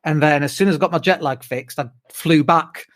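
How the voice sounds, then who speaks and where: British man, podcast co-host, tired, lively storyteller, fairly high voice. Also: fairly quick. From United Kingdom. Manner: swearing, animated storytelling with mimicked whoops. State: exhausted from jet lag. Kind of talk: casual chat.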